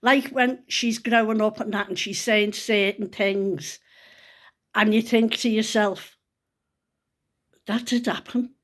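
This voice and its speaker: A woman's voice: medium pitch, little pitch movement, measured pace, a bit bright. A middle-aged woman, chatting to camera and telling a personal story in a rambling, earnest way. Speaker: vlogger. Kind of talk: casual chat to camera.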